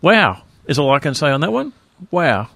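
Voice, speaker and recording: A man's voice: fairly high pitch, big pitch swings, moderate pace, vocal fry, fairly bright tone, no echo. A man with an Australian accent hosting a casual radio panel chat, chatty and jokey. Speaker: radio host.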